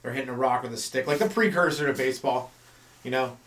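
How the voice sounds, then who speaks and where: Rambling comedian in an echoey room. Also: male voice, medium pitch, fast talker, fairly bright tone, far from the mic. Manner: loose and meandering, with many fillers and asides. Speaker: stand-up comedian and podcast host. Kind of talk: rambling stand-up monologue.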